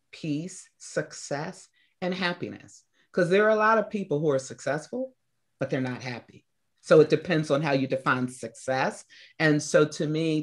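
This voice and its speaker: Reflective woman coach in conversation. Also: rumbling low. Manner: reflective, explains with examples and lists. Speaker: meditation teacher and personal coach, guest. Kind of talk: conversational interview answers.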